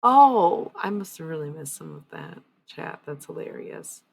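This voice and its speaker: A woman's voice: deep voice, wildly swooping pitch, measured pace, slightly rough, low-quality recording. A woman livestreaming oracle card readings, chatting loosely with viewers, using many fillers and swearing bluntly. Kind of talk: casual live-stream chat with viewers.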